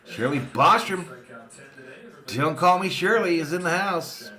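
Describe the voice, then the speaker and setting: A man hosts a live fan watch party and does his own excited play-by-play. Between pitches he reads viewer comments aloud. His voice sits a little high and sounds bright and forward. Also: a little slow, long pauses. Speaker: sports fan streamer and watch-party host.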